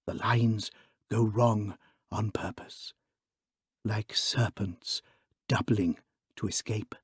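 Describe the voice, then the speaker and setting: A male audiobook reader voicing a small, mild priest who speaks in a low, dreaming, intense way. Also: animated, measured pace, a little mellow, no echo, studio quality. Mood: dreamy, ominous.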